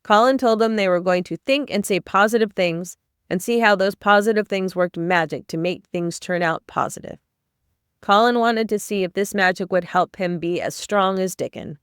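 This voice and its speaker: A woman's voice: medium pitch, moderate pace, clear, resonant tone, no echo, clean studio sound. Woman summarizing a novel. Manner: plain storytelling with brief asides. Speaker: podcast host summarizing a novel. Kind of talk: chapter-by-chapter book summary.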